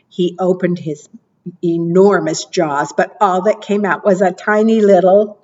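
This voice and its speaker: Woman librarian reading storybooks for preschoolers, gentle and encouraging, slow, airy, from a distance on a dull mic. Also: fairly low pitch, steady tone. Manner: gentle and encouraging, asks children questions. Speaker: children's librarian. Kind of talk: preschool storytime read-aloud.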